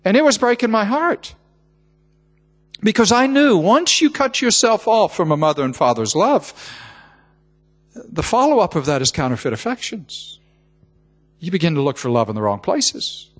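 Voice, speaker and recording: A man's voice: sits high, big pitch swings, moderate pace, long pauses. An older man preaching a sermon, telling a heartfelt family story with emotion and repeated words. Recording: reverberant hall.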